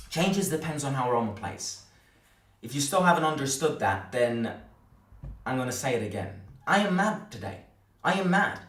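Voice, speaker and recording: A man's voice: on the high side, a bit bright, far from the mic. A man hosting a football fan channel, giving a heated, blunt post-match reaction rant, swearing and repeating himself. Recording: roomy, a little off the mic.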